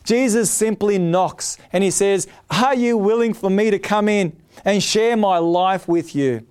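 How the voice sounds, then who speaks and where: Earnest preacher man with a smooth voice. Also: high voice, a little slow, darkish tone. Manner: earnest, emphatic, repeats key phrases. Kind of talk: sermon.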